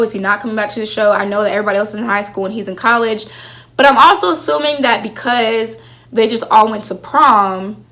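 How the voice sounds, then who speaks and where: A young woman vlogging in a casual, animated way, slangy and full of rhetorical questions. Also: fairly high pitch. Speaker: vlogger reviewing a TV show. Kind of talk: casual chat to camera.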